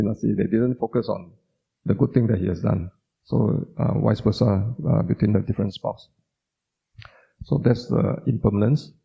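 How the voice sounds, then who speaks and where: A doctor gives an informal Buddhist teaching talk in a low, gravelly, husky male voice, repeating words for emphasis and asking the audience questions. The recording has a dull, lo-fi sound.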